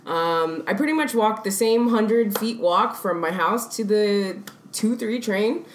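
A woman's voice: mid-range voice, a little slow. A young woman co-hosting a podcast, telling a story in casual chat and laughing through the punchlines. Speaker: podcast co-host. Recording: echoey room with faint noise.

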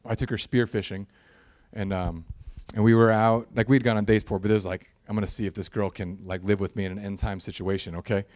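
A man preaching a sermon, animated and jokey, building in intensity at times. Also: fairly low pitch, fast. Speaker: pastor.

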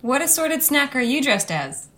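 A woman playing in a tabletop game, eager and excitable. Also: sits high, moderate pace. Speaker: player. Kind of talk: in-character tabletop play.

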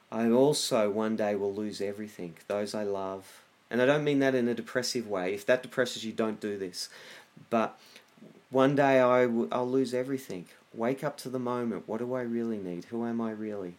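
A middle-aged man giving casual wellness advice, lively, often acting out inner voices. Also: mid-range voice. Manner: animated, acts out inner voices.

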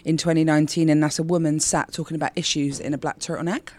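A woman from Bristol with a Bristolian accent, chatting in an interview as a comedian guest in a rambling way full of quick asides. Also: sits low, flat delivery, darkish tone. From Bristol, England. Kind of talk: casual interview chat.

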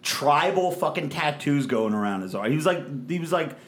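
Brief: young male host, animated profane storyteller, slightly high voice. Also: normal speed. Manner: profane, animated, acts out quotes. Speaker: podcast host telling a story. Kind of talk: casual storytelling.

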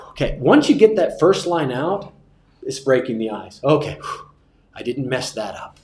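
Male instructor teaching preaching, easygoing and wry, repeats key phrases, mid-pitched voice, roomy classroom sound. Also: big pitch swings, unhurried, darkish tone. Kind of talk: teaching a class on sermon delivery.

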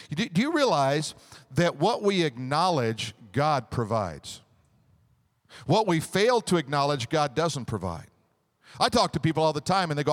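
A man preaching a sermon as pastor, animated, with a joke and call-and-response. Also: fairly high pitch, moderate pace.

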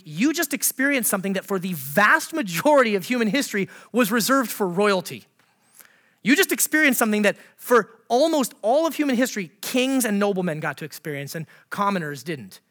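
A man's voice: high voice, big pitch swings, fairly quick, bright, forceful tone. A male pastor preaching a sermon in a conversational way, asking the congregation questions and laughing at his own jokes.

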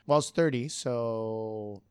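A middle-aged man, a bartender, telling his story in a relaxed, rambling way with frequent restarts. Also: medium pitch, slow pace, clean tone, dry recording. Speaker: bartender guest. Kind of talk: casual storytelling in an interview.

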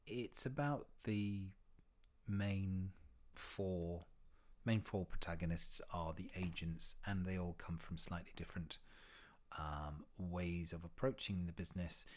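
Very low-voiced chatty man. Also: slow pace. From United Kingdom. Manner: rambling and chatty, with frequent fillers and restarts. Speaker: podcast host. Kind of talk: casual solo podcast recommendations.

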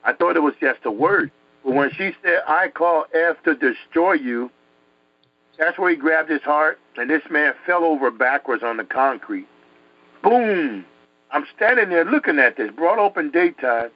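A man's voice: on the high side, expressive, normal speed, dry recording. A man from New York telling a dramatic personal story, emphatic and repeating words for effect. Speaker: guest telling his testimony. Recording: dull dry recording.

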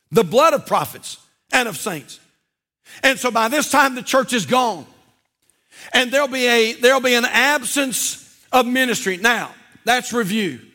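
A pastor preaches at a church service in a sharp-toned voice, emphatic and repetitive. He often drops to a low, intense voice for emphasis.

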